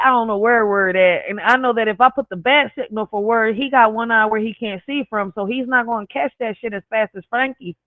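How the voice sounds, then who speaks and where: A woman's voice: on the high side, dry recording. A woman with an accent hosting her channel, talking casually to viewers, swearing freely and stumbling over and correcting words. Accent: speaks with an accent. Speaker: channel host. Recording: tinny phone-like dry recording.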